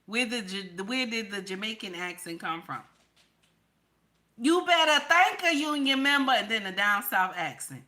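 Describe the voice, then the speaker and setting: Blunt, bright-voiced woman. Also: fairly high pitch, animated, normal speed, low-quality recording. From New York / New Jersey area. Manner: blunt, emphatic, repeats lines for stress. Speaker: online commentator. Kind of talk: casual political commentary vlog.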